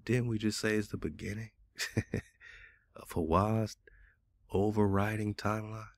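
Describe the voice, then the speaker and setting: A man with a very low, gravelly voice, hosting a casual radio talk. He speaks in a loose, colloquial way and argues back insistently. The sound is close and dry, with no room echo. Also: fairly even intonation, moderate pace. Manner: argumentative, colloquial, talks back at a chatbot. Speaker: radio show host.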